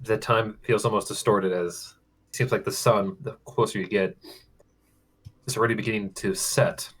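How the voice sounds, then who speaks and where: Lower-voiced man narrating as game master. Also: steady tone, a bit bright, slightly rough. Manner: measured narration with frequent hesitations. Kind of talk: narrating a tabletop game online.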